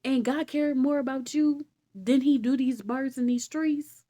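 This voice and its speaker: Animated, slangy woman storyteller. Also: high voice, measured pace. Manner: animated, slangy, exasperated asides. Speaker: vlogger retelling Bible stories. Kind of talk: casual storytelling.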